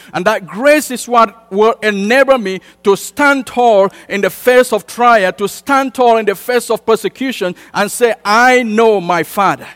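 A man with a high voice preaches to a congregation, building his points through repetition and pushing them out in emphatic surges. English is not his first language. His voice rings through a church hall with a long tail of reverb, and mains hum runs underneath. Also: fairly bright tone. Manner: emphatic, repetitive preaching cadence with rising bursts. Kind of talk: sermon.

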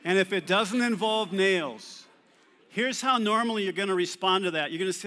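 A man's voice: sits high, normal speed, sharp tone. A man preaching a sermon to a congregation, asking them questions and having them answer back. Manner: call-and-response questions to the congregation. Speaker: pastor. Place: church hall. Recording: long hall reverb.

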